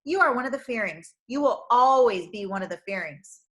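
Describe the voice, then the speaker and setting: A taunting, sneering male bully, loud and mocking, drawing out his threats slowly, as a woman reading a storybook puts him on. He sounds cruel and pleased with himself. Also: a little high, lively intonation.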